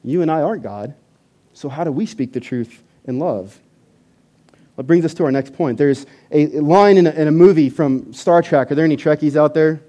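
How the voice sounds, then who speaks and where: A man preaching a sermon to a church audience, animated and emphatic, often repeating words. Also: fairly high pitch, normal speed, highs cut off.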